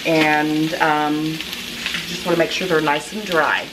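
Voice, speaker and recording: A woman's voice: low-pitched, little pitch movement, takes it slowly, noisy background. A woman hosting her own cooking channel, talking casually through a recipe in her home kitchen with lots of ums and restarts. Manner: chatty, with many ums and restarts. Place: home kitchen, food sizzling in a pan.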